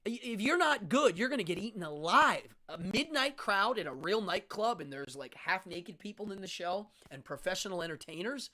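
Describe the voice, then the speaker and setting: Blunt, middle-aged man, stage magician, hosting a talk show, casual storytelling, lively swinging pitch. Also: normal speed, hardly any pauses. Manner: blunt, animated, frank.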